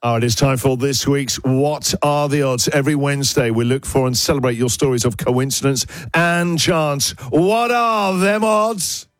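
A man hosting a breakfast radio show, playful and lively, often jumping up in pitch for emphasis. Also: normal speed, no echo.

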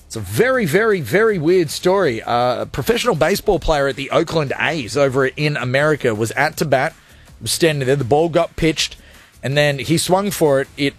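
A man's voice: fairly high pitch, expressive, moderate pace. A man hosting a live radio show, talking in a jokey, rambling, self-mocking way. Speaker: radio host. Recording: studio with music underneath.

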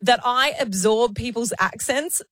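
A chatty woman co-hosting a podcast, her voice sitting a touch high. She talks casually, breaks into laughing asides and lets the odd swear slip. The sound is dry and close. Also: measured pace, fairly bright tone, no room sound. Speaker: podcast co-host. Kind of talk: casual chat.

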